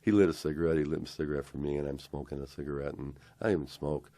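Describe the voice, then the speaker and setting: Very deep-voiced older man telling stories. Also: rapid-fire, no echo. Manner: acts out dialogue, rambling and excited. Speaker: interviewee storyteller. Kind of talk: animated anecdote retelling.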